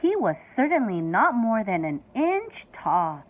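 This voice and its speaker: A teacher reading a children's book aloud with expressive storytelling, over tinny phone-like audio. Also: female voice, on the high side, unhurried.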